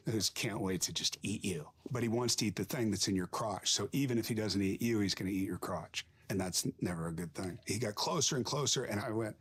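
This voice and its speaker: A man's voice: fairly low pitch, a little fast, fairly bright tone, slightly rough. A male film actor being interviewed, telling reflective and wry stories about his work. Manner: thoughtful, wry anecdotes with laughs.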